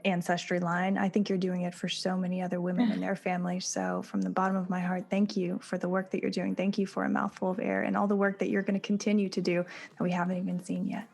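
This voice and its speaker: A woman hosting a podcast, her voice carrying a gravelly, creaky edge. She thanks her guest in an affirming tone and reads the show's sign-off. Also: fairly low pitch, monotone, quick pace, few pauses, a little mellow. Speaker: podcast host. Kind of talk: podcast interview.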